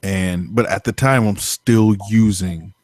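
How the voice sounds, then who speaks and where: Podcast co-host, male, low voice, rambling and profane, filler-heavy casual storytelling, dry close sound. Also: takes it slowly, a little mellow, dry recording.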